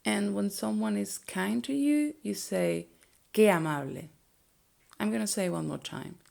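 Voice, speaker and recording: A young woman whose first language is Spanish, teaching phrases slowly and clearly and repeating each one for learners. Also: medium pitch, expressive, darkish tone.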